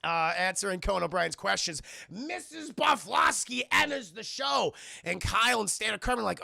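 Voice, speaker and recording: A high, gravelly young man tells a movie's plot to his live chat, laughing and swearing as he goes. His voice is bright and edgy, recorded close and dry. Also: animated, moderate pace, no room sound. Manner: laughs often, swears freely, acts out quotes. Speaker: film reviewer streaming live. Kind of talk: excited scene-by-scene movie recap to a live chat.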